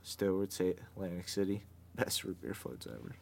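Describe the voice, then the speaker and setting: Laid-back, low-voiced man chatting. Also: expressive, moderate pace, vocal fry, darkish tone, a little hiss or hum. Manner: laid-back, swears, laughs often. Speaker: podcast co-host. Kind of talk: casual chat.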